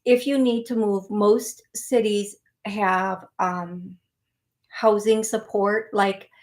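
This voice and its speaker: A woman's voice: medium pitch, steady tone, slow pace. A woman psychic medium hosting a live call-in show, talking to callers and chat viewers in a rambling, folksy, reassuring way that often corrects itself mid-sentence. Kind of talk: live call-in reading, chatty address to viewers.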